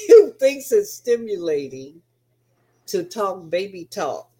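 A woman's voice: medium pitch, very animated, takes it slowly, dark tone, breathy edge, poor audio. An older woman, the host's mother, giving frank, motherly advice as a guest co-host in casual chat.

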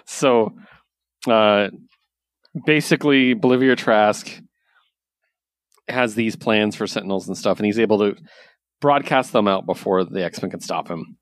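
A man co-hosting a casual podcast, recapping a story with animated storytelling and filler words. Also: lowish voice, measured pace, pauses often, dry recording, clean studio sound. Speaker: podcast co-host, comic reviewer. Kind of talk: casual chat.

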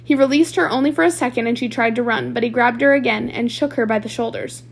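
A woman's voice: on the high side, fast, vocal fry, husky. A woman reading a novel aloud chapter by chapter, with small slips and restarts. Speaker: audiobook reader.

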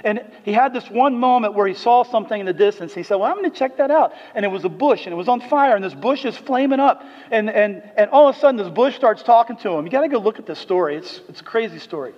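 A pastor preaching a sermon, emphatic at times and soft and earnest at others. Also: male voice, high-pitched, animated, fast, few pauses. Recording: dull sound with long hall reverb.

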